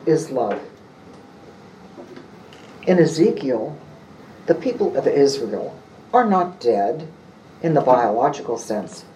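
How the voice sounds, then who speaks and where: A preacher gives a sermon in slow, deliberate phrases, each line set apart with a pause. The voice is mellow and unhurried. It was picked up from some distance in a reverberant worship hall, with a faint hum of the room behind it. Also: medium pitch. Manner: slow, measured delivery in short phrases. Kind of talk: sermon with scripture reading.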